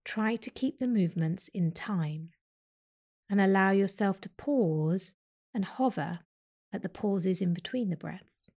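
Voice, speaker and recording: Woman yoga teacher, guided breathing meditation, gentle and slow, talks you through each breath. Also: mid-range voice. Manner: slow, gentle guiding instructions.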